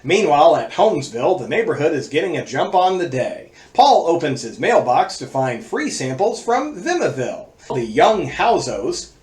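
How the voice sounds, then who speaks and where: A sarcastic male movie reviewer with a fairly high, bouncy voice that swings up and down as he rattles through gory lists. He sounds like he is in an echoey room, with faint music playing underneath his narration. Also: moderate pace, hardly any pauses. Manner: sarcastic, playful, lively list-reading.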